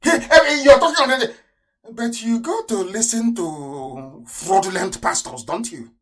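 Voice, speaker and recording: A man with a Nigerian accent delivering an impassioned live radio address, full of scornful rhetorical questions, swinging between loud outbursts and low mutters. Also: lively intonation, a little slow, low-quality recording. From southeastern Nigeria. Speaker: radio broadcaster and activist.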